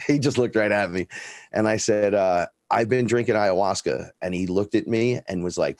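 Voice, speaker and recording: Deep-voiced Bronx man telling wild stories. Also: fairly quick, no room sound. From the Bronx, New York. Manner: animated storyteller, acts out quoted dialogue, swears freely. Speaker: guest. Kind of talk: casual storytelling.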